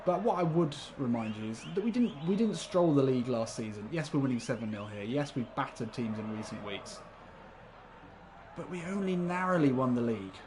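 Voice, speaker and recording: A man's voice: medium pitch, expressive, fairly quick, background noise. A man commenting live on a football video game, chatty and laughing often, swearing casually and talking to his viewers. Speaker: gaming livestreamer.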